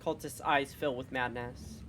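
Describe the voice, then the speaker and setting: A woman streamer giving excitable, casual commentary on a game. She swears freely and reads game dialogue aloud. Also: extremely low pitch, a little slow, a little hiss or hum.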